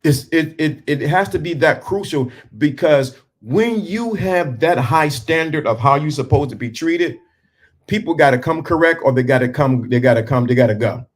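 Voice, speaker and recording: A man giving a motivational talk to men, speaking emphatically and dropping to a hushed, calm tone for effect. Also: a little high, normal speed.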